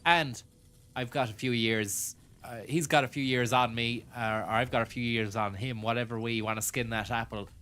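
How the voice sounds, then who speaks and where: A man's voice: medium pitch, steady tone, moderate pace, a bit bright, clean tone, faint music behind. A man hosting a casual gaming stream, joking, swearing and thanking viewers for tips. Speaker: streamer host.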